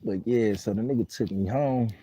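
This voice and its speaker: Husky, very dark-voiced man telling a story live. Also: fairly low pitch, moderate pace, poor audio. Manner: loose and rambling, heavy street slang and cursing. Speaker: livestream host. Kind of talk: casual storytelling on a live stream, answering viewer comments.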